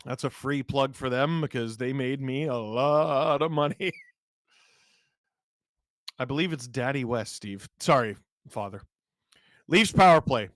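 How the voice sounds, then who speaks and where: The host of a live hockey watch-along is a man with a medium-pitched voice, hoarse and roughened by a cold. He calls the action fast and reads chat with sudden excited shouts, and there is no echo.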